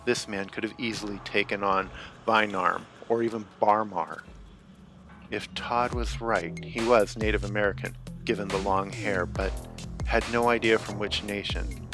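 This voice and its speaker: Lowish-voiced guy reading a halloween ghost story, steady pace, music playing under him. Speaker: author reading.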